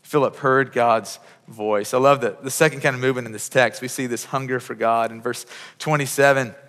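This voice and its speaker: A man's voice: medium pitch, fairly even intonation, fairly quick, fairly bright tone. A man in his thirties preaching a conversational sermon as pastor, often repeating words and restarting his phrases. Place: church sanctuary. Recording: long reverb of a large hall.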